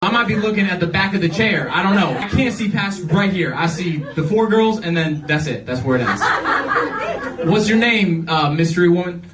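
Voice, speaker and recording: A man's voice: sits high, brisk, few pauses, far from the mic. A male stand-up comedian doing playful crowd work and teasing audience members. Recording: echoey club heard from afar, loud crowd.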